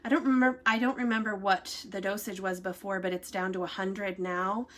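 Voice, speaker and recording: A woman's voice: medium pitch, fairly even intonation, a little fast, fairly bright tone. A woman vlogging to her viewers in a casual, rambling way, with many fillers and restarts. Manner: laughs while telling a story. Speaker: vlogger giving family updates.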